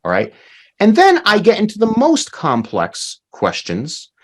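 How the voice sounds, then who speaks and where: A man teaching an online language class, modeling words slowly and emphatically and repeating phrases for learners. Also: high-pitched, huge pitch swings, husky.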